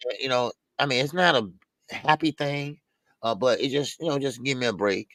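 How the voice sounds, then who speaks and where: A man with a mid-range voice co-hosts a live boxing talk stream, recorded without echo. He chats casually and shouts out viewers in the chat one by one with lively, drawn-out greetings.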